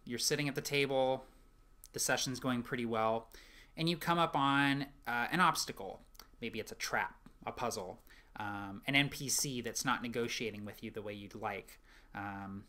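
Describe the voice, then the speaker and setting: A man's voice: medium pitch, moderate pace, sharp tone. A man hosting a tabletop game advice talk, chatty and encouraging, with frequent ums. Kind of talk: casual advice talk to camera.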